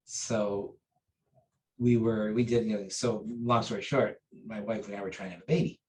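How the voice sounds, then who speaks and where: In a relaxed interview, a man who teaches martial arts wanders through a story from his own life, full of fillers and restarts. His intonation stays fairly even at a moderate pace, though he raises pitch and volume for quoted lines; the low-quality recording has slight background noise.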